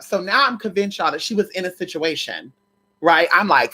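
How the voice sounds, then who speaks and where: A woman with a somewhat low voice tells a personal story straight to her viewers. She is animated and salty-mouthed, and she keeps calling out to the audience as "y'all". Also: normal speed. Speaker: vlogger telling a personal story. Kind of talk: casual storytime.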